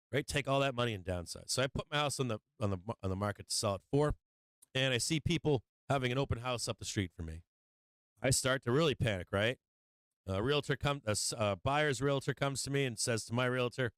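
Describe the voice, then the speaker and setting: Brief: middle-aged male stream host, profane and lively, plays out mini scenes, dry close-miked sound. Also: mid-range voice, dry recording. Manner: animated, profane, acts out little scenes, many "right?"s. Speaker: stock market show host. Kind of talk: profane livestream market rant.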